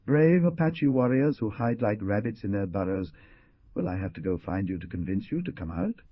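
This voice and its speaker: A man voicing a brash, mocking male frontier outlaw who shouts taunts. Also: lowish voice, lively intonation, normal speed, no room sound. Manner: taunting, loud. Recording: dull dry lo-fi.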